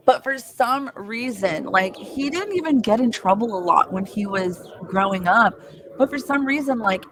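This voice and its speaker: A woman in a casual podcast chat, telling animated stories and acting out the voices in them. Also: a little high, moderate pace, a crowd in the background. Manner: animated storyteller who acts out voices in her anecdotes.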